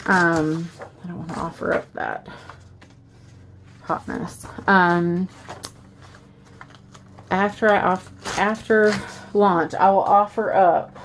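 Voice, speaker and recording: A woman's voice: fairly low pitch, creaky, slight background noise. A woman with a Southern US accent, chatting casually and rambling as she walks through her planner setup. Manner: rambling, chatty, with fillers and asides. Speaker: planner vlogger.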